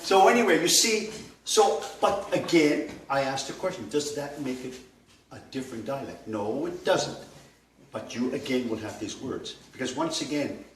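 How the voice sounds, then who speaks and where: A man's voice: mid-range voice, moderate pace. Man telling stories in a workshop. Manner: lively, laughing as he tells stories. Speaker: language workshop teacher. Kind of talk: anecdotal storytelling lecture. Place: workshop room. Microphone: distant mic. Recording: echoey room, far from mic, noisy.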